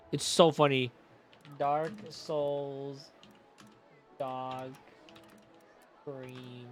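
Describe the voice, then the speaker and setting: A young man streaming a game, chatting casually, excitable and profane. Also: mid-range voice. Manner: excitable and profane, bursts into loud laughter. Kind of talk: casual live-stream commentary.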